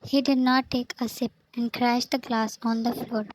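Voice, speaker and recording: Woman narrating fanfic, high, slow, monotone. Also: background noise. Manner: flat, even reading, speaker tags read aloud.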